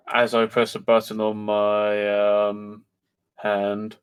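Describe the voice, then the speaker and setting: A man playing a tabletop role-playing game, talking in a slow, lively way and chuckling as he plays his character. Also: fairly low pitch, clean tone. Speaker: player.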